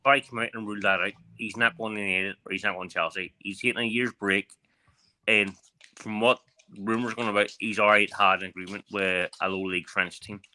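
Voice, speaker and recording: Male caller, low pitch, very bright tone, earnest delivery. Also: flat delivery, fairly quick. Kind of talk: casual phone-in chat.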